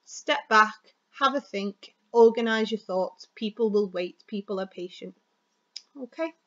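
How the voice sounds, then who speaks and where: A woman teacher giving a chatty, fast, expressive lesson on delivering speeches. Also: mid-range voice, muffled recording. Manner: chatty, fast and expressive, stressing words for effect.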